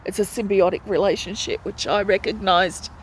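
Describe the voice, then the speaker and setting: Recording a video diary from her hospital ward, this woman describes her treatment in a distressed, pleading manner. Her medium-pitched voice stays fairly even in intonation and moves at a moderate pace. A little hiss or hum runs through the rough recording.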